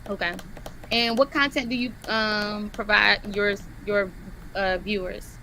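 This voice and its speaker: Bright-voiced woman hosting a chat. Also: medium pitch, steady tone, slight background noise, low-quality recording. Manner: asks guests questions, halting with fillers. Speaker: host. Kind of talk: casual livestream chat.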